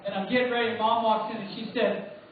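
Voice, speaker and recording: A man preaching and telling a personal testimony at a church service, emphatic and rising to near shouts. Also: high-pitched, level tone, fairly quick, heavy reverb. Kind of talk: sermon testimony. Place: church sanctuary. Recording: tinny distant church recording.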